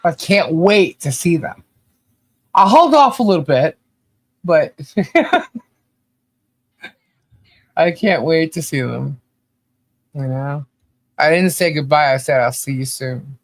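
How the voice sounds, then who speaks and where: A woman's voice: sits low, lively intonation, slow, pauses often, no room sound. Emotional woman podcast co-host, dry close sound. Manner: emotional, reminiscing, laughs often. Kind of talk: casual chat.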